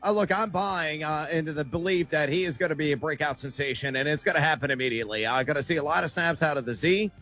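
A man co-hosting a sports betting show, reading viewer picks and pitching his own with playful, colorful phrasing. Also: fast, hardly any pauses, bright, forceful tone, soft background music. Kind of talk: casual sports betting talk.

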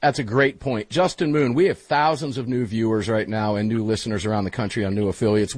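Chummy talk radio host, husky voice. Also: male voice, mid-range voice, no room sound, low-quality recording. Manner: energetic, chummy, addresses listeners directly. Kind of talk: casual talk radio banter. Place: home radio studio. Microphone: studio mic.

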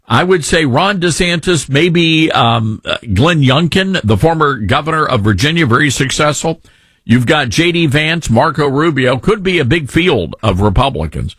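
Animated husky talk radio host. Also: male voice, a little high, no echo, clean studio sound. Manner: animated, rambling, jokey.

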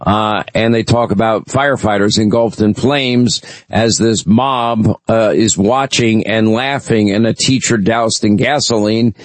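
A man's voice: lowish voice, unhurried, few pauses, no room sound, low-quality recording. A man hosting a talk radio show, giving emphatic, opinionated commentary with frequent fillers. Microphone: studio microphone.

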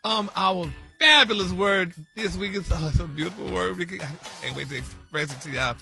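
A man's voice: high-pitched, brisk, creaky, pushed and bright, soft background music. A man on a comedic morning radio show, flamboyantly presenting a vocabulary word, stumbling and spelling it out letter by letter.

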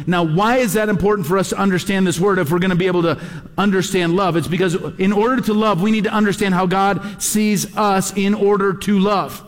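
A man's voice: high-pitched, long reverb tail. A middle-aged man preaching a sermon as pastor, emphatic and repeating his key words.

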